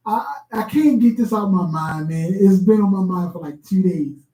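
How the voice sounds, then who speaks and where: A woman co-hosting a casual talk radio show, who tells stories in an animated, laughing way. Her voice is warm and dark. An echoey room surrounds her. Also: lowish voice, normal speed.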